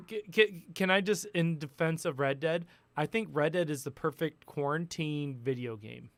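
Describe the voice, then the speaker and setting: A man's voice: fairly high pitch, normal speed, fairly bright tone, no room sound. A man hosting a casual sports podcast, rambling and chatty, laughing often. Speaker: podcast host.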